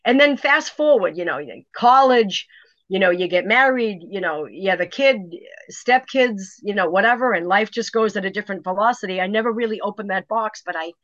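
A middle-aged woman, telling a personal story in an interview, animated and full of "you know" fillers. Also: mid-range voice, fairly quick, no room sound. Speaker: author guest. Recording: dry, dull lo-fi sound.

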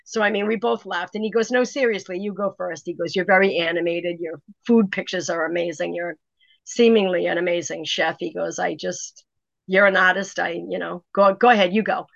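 A middle-aged woman, telling a personal story in an interview, animated and full of "you know" fillers. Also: fairly low pitch, brisk, creaky, no echo. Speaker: author guest. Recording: dry, dull lo-fi sound.

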